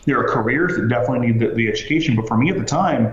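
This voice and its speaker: Man, podcast guest, animated storyteller, lots of fillers, roomy echo, slightly dull audio. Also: mid-range voice, racing. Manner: animated, many fillers and restarts. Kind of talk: casual storytelling interview.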